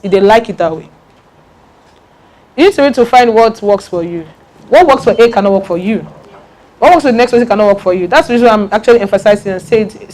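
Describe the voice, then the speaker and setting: A woman's voice: medium pitch, darkish tone. Emphatic woman giving a talk. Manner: emphatic, repeats key points, laughs and jokes with the audience. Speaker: speaker giving a talk on personal branding. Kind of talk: lively workshop talk to an audience.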